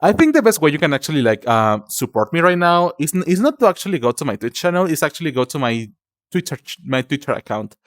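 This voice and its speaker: A young man with a Spanish accent chats to his viewers on a live stream, his pitch swinging high and low. He restarts his sentences a lot and calls people cutie and darling. The sound is dry and close, with no room around it. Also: sing-song, fast talker, no room sound. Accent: Spanish-speaking. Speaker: livestreamer. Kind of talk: casual stream chat.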